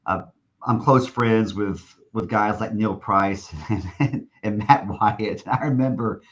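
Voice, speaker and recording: A man's voice: on the low side, measured pace, a bit bright, lo-fi sound. A man telling a long anecdote as a podcast guest, restarting often and acting out what others said. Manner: rambling with many restarts, acting out quoted speech. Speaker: guest, stadium announcer. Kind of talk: storytelling in a podcast interview.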